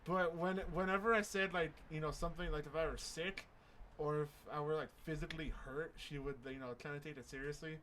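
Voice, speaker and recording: A man's voice: a little high, steady tone, brisk, a bit bright, a little hiss or hum. A young man co-hosting a podcast, casually telling stories and acting out what people said. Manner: acts out quoted voices in his stories. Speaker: podcast co-host. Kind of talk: casual chat.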